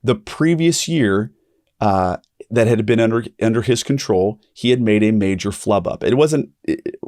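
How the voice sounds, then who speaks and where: A man's voice: normal speed, no echo, clean studio sound. A man hosting a ministry podcast, telling a story in a conversational way, restarting sentences and acting out the people he quotes. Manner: animated, acts out quoted voices with big pitch jumps; frequent restarts and repetition. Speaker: podcast host.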